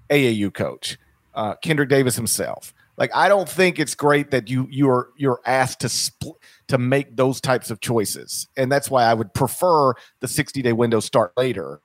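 A man's voice: mid-range voice, expressive, normal speed, dry recording. A man in a casual podcast discussion on college basketball, thinking aloud and often repeating his words as he makes his point.

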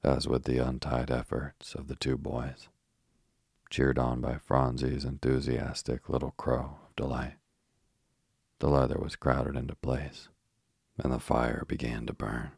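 A man narrating a bedtime story in a calm, unhurried way. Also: extremely low pitch, gravelly, slightly rough, dry recording, clean studio sound.

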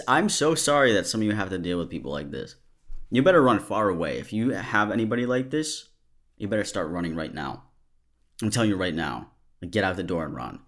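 A man hosting a commentary video, reading out screenshots and reacting with animated mockery. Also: sits low. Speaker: host.

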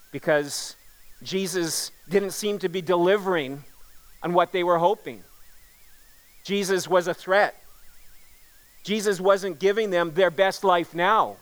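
A man's voice: sits high, clean tone. A man preaching a sermon as pastor, earnest and emphatic, repeating key words for weight.

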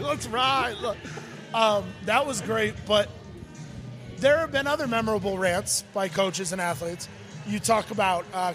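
A man co-hosting a sports podcast in casual chat, excitable and hyped, often talking over the others. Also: high voice.

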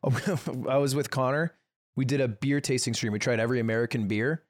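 A man's voice: mid-range voice, steady tone, fairly quick. A young man co-hosting a podcast, casually telling a story and laughing often. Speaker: podcast co-host. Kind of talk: casual chat.

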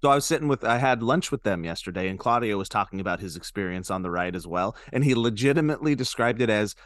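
A man's voice: fairly low pitch, animated, quick pace, hardly any pauses, no room sound, studio quality. A man co-hosting a podcast, jokey and rambling, chatting and then reading an ad with asides. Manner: jokey, rambling, laughs mid-sentence. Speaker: podcast co-host. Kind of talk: casual chat and read ad.

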